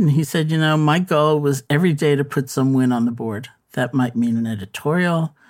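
Meditation-teacher author, male, unhurried reflective answers, average pitch. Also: darkish tone. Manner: thoughtful, unhurried, with frequent fillers and restarts.

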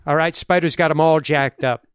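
A man's voice: fairly high pitch, steady tone, moderate pace, clean tone, no echo, clean studio sound. A man co-hosting a podcast, casually joking and recounting film scenes. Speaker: podcast co-host discussing a film. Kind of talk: casual comedic chat.

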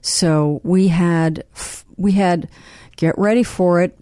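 Older woman guest, lowish voice, playful anecdotes, mock accents, dry close mic. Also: fairly even intonation, slow pace, mellow, no echo. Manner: storytelling, playful, drops into mock British accents. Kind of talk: casual podcast chat.

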